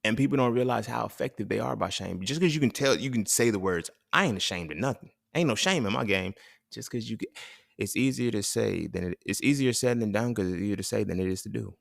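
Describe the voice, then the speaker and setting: A man's voice: fairly low pitch, quick pace, vocal fry, dry recording, clean studio sound. A young adult man, hosting a candid solo monologue, raw and profane, reflective and laughing often. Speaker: podcast host.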